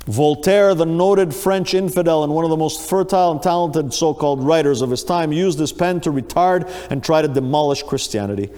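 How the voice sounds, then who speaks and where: A man's voice: a little fast, few pauses. A man preaching a sermon, dramatic and emphatic, acting out quotes with rising force. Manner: dramatic, rises high and loud on acted quotes. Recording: long reverb of a large hall.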